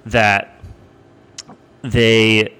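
A man's voice: fairly low pitch, level tone, very slow, sharp tone, clear, resonant tone. A young man co-hosting a podcast, talking casually in a rambling, profane way with many restarts. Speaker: podcast co-host. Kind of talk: casual chat.

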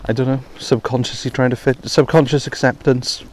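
A man's voice: mid-range voice, flat delivery, fairly quick, darkish tone, a little hiss or hum. A man hosting his own podcast, talking casually and rambling with lots of ums while walking outdoors in heavy rain on a hands-free headset. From Wales. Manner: rambling, self-deprecating, many ums. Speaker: podcast host. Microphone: hands-free phone headset.

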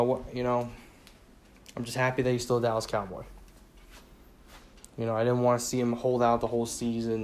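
A man rants about his team on his own, speaking in a middle pitch with loose, rambling sentences. He leans on "you know" over and over and swears freely once he's riled up. A faint hiss sits under the recording. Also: darkish tone. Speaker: sports fan podcaster. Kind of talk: casual solo sports rant.

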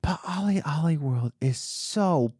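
A young man co-hosting a casual podcast about video games, talking in an excited, rambling way. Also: slow, husky, dry recording, clean studio sound. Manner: excited, rambling, jumps between high and low pitch. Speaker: podcast co-host.

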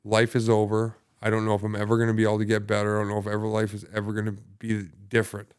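A man's voice: lowish voice, completely flat delivery, rapid-fire, clear, resonant tone. A young man, a podcast guest, telling his recovery story in casual talk, rambling with many fillers and heavy swearing.

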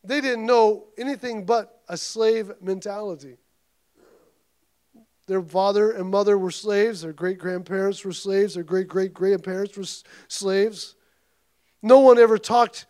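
High-voiced preaching man. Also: steady tone, a little slow. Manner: impassioned preaching, rising to loud emphatic peaks; asides and restarts, conversational stretches. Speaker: pastor. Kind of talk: sermon.

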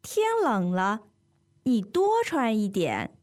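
A woman voicing a parent who firmly insists that a child dress warmly, in a scripted language-lesson dialogue. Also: mid-range voice, wildly swooping pitch, slow. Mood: insistent. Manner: firm and insistent.

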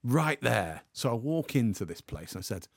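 A man telling a comic anecdote as a podcast guest, acting out the people in his story with lively energy. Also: mid-range voice, moderate pace, creaky, no room sound, studio quality. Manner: animated storyteller, acts out the other people in the story.

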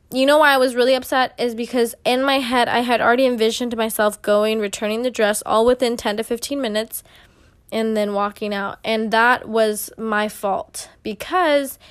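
A woman's voice: on the high side, clear, resonant tone. A young woman hosting a solo podcast, telling a story in a chatty way with lots of fillers and acted-out quotes. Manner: chatty, filler-heavy, acts out quoted exchanges. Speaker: podcast host.

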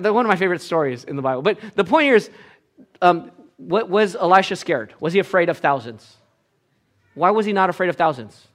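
A man preaching a sermon, retelling a Bible story in a casual, animated way, acting out the characters' voices with big swings from hushed to loud. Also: fairly high pitch. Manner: casual asides and filler restarts. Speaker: pastor.

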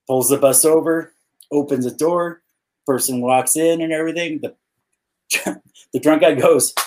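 A man's voice: fairly high pitch, unhurried, pauses often. A man co-hosting a casual podcast, telling a long joke and acting out the characters' lines. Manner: animated, acts out characters in his jokes. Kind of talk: casual storytelling.

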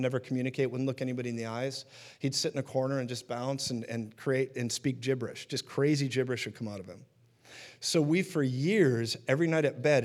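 A man preaching a sermon in a conversational teaching manner, often checking in with his listeners. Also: medium pitch.

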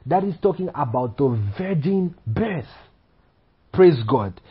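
A man's voice: on the high side, animated, takes it slowly, husky. A man preaching a sermon, asking rhetorical questions and checking in with "Okay?". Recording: dull lo-fi recording.

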